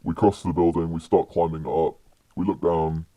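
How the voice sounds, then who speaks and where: A young man with a British accent and an extremely deep voice tells a story on a podcast. His tone is dark and mellow, and his telling rambles along with many fillers and restarts. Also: fairly even intonation, normal speed, no room sound. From United Kingdom. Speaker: podcast guest. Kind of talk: casual storytelling.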